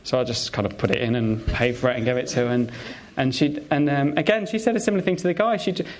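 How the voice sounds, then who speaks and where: A man giving a conversational sermon full of personal stories, talking in a halting way with many fillers and restarts. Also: mid-range voice, fairly even intonation, slight background noise. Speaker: preacher.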